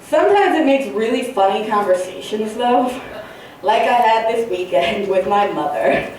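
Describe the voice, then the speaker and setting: A woman's voice: a little high, animated, normal speed, distant mic, a crowd in the background. A young woman doing a stand-up comedy set, rambling and profane, with lots of fillers and giggly asides. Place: comedy club stage, large room. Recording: very echoey room recorded from afar.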